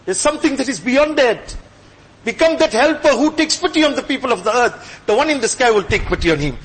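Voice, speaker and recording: A man preaching a sermon with passion, swinging between loud exhortation and hushed, pleading asides. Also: very high voice, big pitch swings, fairly quick. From Gujarati-speaking background. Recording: long hall reverb.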